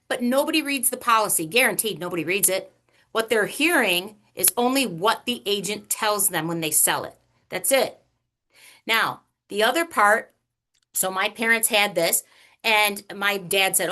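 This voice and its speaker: Bright animated woman teaching a workshop. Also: on the high side. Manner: chatty, animated, teasing the audience with questions. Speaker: financial workshop presenter. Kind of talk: online workshop lecture.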